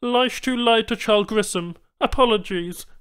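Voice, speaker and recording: A man doing a halting, broken-speaking alien trader. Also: high voice, a bit bright, clear, resonant tone, voice pushed up. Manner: clipped broken phrasing, formal apologies.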